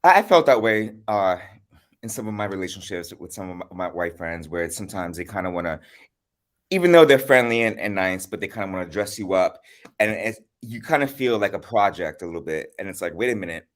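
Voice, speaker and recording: A man hosting a casual livestream chat, telling stories in an animated way. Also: deep voice, a little fast. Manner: animated storyteller. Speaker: host.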